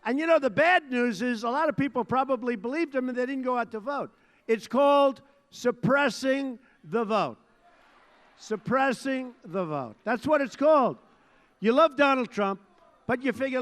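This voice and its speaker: A man's voice: very high-pitched, lively intonation, moderate pace, a bit bright. Older man giving an emphatic rally speech, echoing hall. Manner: emphatic, repetitive, boastful crowd oratory. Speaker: political candidate addressing a rally. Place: large rally venue. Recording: long hall reverb from a big venue.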